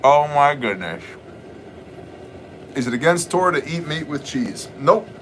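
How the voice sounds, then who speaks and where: A man's voice: a little high, expressive, a little slow, a bit bright, slight background noise. A man hosting a livestream, chatting casually, joking with viewers, greeting them by name and shifting into Bible teaching. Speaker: livestream host. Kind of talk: casual livestream chat, reading viewer comments.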